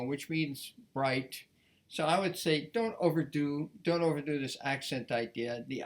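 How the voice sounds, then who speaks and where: A man giving a casual violin lesson, talking in a relaxed, rambling way with frequent restarts. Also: mid-range voice. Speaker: violin teacher.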